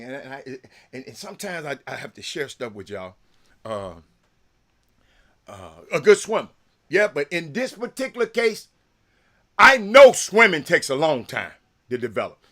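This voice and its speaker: Guy hosting a talk show, rambles and repeats himself, real lively up and down voice. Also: on the high side. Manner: rambling, repeats words, addresses viewers as y'all. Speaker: sports talk show host. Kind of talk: casual talk to viewers.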